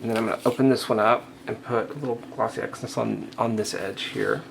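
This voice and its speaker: Gravelly man with a low voice, teaching crafts. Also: steady tone, fairly quick. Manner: casual, thinking aloud, frequent okays and restarts. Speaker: crafting tutorial host. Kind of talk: step-by-step crafting tutorial. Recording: audible background noise.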